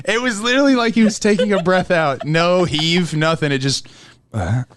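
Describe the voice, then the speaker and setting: A man's voice: high voice, moderate pace, dry recording. Comedian guy on a podcast, chatty storyteller, keeps cracking up as he talks. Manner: animated storyteller, laughing often mid-sentence. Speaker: comedian guest. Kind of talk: casual podcast chat.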